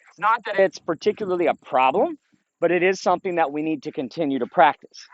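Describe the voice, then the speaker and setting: Middle-aged dog trainer, man, lively talker with a high-ish voice, dull outdoor recording. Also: fast talker. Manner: explains plainly, then calls short upbeat commands to the dog. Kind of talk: outdoor training video with commentary. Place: outdoors in a field.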